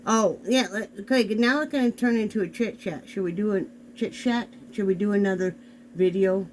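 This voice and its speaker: A chatty man with a fairly high voice rambles on, talking right to his viewers. He sits on a bed in a home bedroom and is picked up by a camera on a desk. A faint hum runs behind him. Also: moderate pace, poor audio. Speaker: vlog host. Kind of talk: casual chat.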